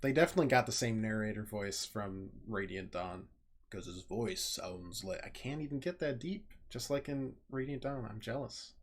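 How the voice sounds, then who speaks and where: A man casually commenting on a video game as a let's play host, rambling and joking in drawn-out asides. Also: mid-range voice. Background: game music.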